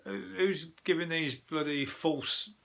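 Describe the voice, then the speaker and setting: A man's voice: on the high side, unhurried, fairly bright tone. A man with a Birmingham accent, a comedian doing a rambling, blunt, swear-laden comic review of the news. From Birmingham, England.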